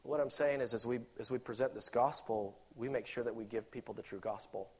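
A man preaching a sermon with passion, rising to loud emphatic peaks and dropping to quiet asides, acting out imagined objectors. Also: medium pitch, a little fast, slightly rough. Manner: acts out imagined objectors in quoted voices.

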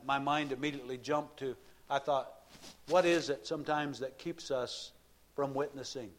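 A middle-aged male pastor preaching a sermon, building to emphatic raised passages and slowing to repeat key lines. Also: on the high side.

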